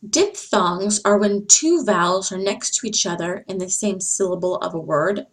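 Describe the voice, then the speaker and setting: A woman giving a slide-based phonics lesson, speaking deliberately and repeating each example sound. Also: medium pitch. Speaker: English teacher.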